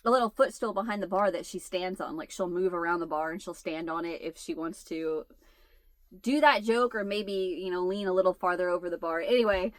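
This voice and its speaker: A woman's voice: lowish voice, fairly quick, no echo. A woman in her forties telling a long funny family story to her viewers in casual chat, laughing her way through it. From United States. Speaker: channel host.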